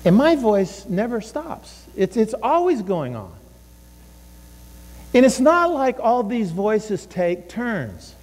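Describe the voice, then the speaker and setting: A man's voice: high-pitched, very animated, takes it slowly, darkish tone. A middle-aged male pastor preaching in a conversational style, repeating himself and acting out other people's words. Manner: conversational, repeats words, acts out quoted voices. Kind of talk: sermon. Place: church sanctuary. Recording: long hall reverb.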